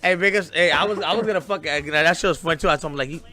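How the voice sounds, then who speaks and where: A man's voice: a little high, very fast. A man in his forties telling profane stories in a casual podcast chat. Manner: profane, animated storyteller. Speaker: podcast co-host.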